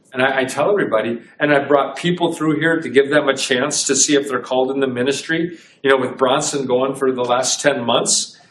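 A man pastor giving a conversational sermon to a small congregation, asking his listeners rhetorical questions. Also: mid-range voice. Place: small church. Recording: echoey room, voice from a distance.

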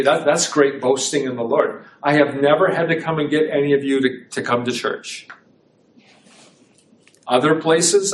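A man's voice: medium pitch, far from the mic, a little hiss or hum. Man preaching in an echoey room. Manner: conversational preaching with rhetorical questions. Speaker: pastor. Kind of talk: sermon. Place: small church.

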